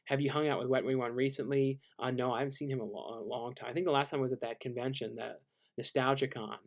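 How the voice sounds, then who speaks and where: A man casually hosting a live-stream Q&A, laid-back and halting as he reads out viewer questions and answers them. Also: medium pitch, fairly even intonation.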